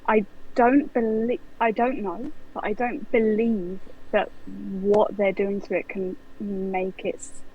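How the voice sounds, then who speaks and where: A woman playing a tabletop game who speaks in a measured, polite way in character, on a lo-fi microphone with faint noise. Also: mid-range voice, level tone, slightly rough. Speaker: player.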